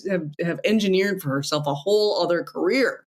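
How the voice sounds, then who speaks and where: A woman co-hosting a podcast in casual film chat, animated and wry, often laughing mid-sentence. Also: lowish voice, brisk. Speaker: podcast co-host.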